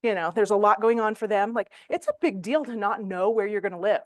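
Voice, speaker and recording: A middle-aged woman teaching real estate agents in a training room, chatty and animated, with fillers. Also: medium pitch, fairly quick, no echo. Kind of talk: classroom training talk.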